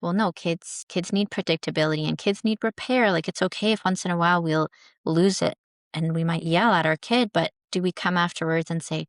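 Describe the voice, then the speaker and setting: Woman therapist, thirties, podcast guest; low, gravelly tone, earnest and thoughtful, close dry mic. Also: brisk, dry recording. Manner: thoughtful, earnest explaining with many restarts. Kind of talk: conversational podcast interview.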